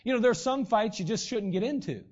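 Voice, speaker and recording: A man preaching a sermon as pastor, in a conversational way with frequent throat clearing. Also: sits high, lively intonation, a little fast, a little mellow. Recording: dull lo-fi recording.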